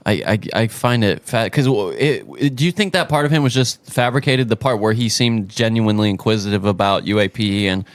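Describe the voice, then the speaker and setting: A man co-hosting a podcast in casual chat, asking questions and halting with many fillers. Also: fairly low pitch, no echo.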